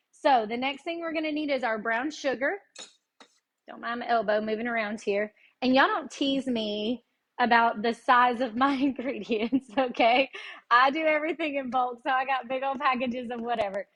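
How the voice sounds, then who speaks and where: Southern lady w/ a tennessee accent, high voice, chatty folksy cooking host talking to her viewers. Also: a bit bright. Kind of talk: live-streamed cooking lesson.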